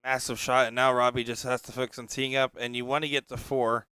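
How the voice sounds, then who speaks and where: A man's voice: medium pitch, flat delivery, brisk, bright, forceful tone, clean tone, no room sound. A man doing live darts commentary with casual, joking asides. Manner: chatty, joking, rambling asides. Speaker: dart commentator.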